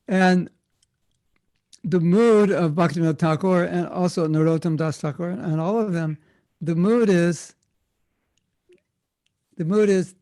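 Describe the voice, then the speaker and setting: A man's voice: sits high, fairly even intonation, moderate pace, pauses often, a little mellow, no room sound. A man speaking as a guest at a temple, answering a question with informal storytelling and frequent self-corrections. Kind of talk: conversational spiritual talk answering a question.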